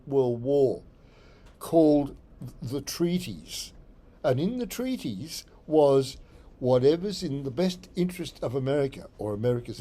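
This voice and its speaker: A man's voice: on the high side, dark tone. An Australian man, a psychic medium, talking through a rambling solo blog monologue and often repeating his phrases.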